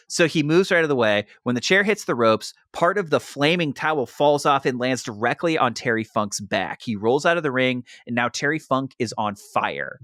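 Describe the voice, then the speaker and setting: A young man hosting a podcast, retelling a story in animated casual chat and saying "like" a lot. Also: mid-range voice, moderate pace, few pauses, no room sound, clean studio sound. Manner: animated retelling, heavy use of "like". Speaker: podcast host.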